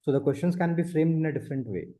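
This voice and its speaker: A man's voice: fairly high pitch, rapid-fire, mellow. A man tutoring math one on one, explaining step by step and repeating his points. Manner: explains step by step, repeats points, often says the student's name.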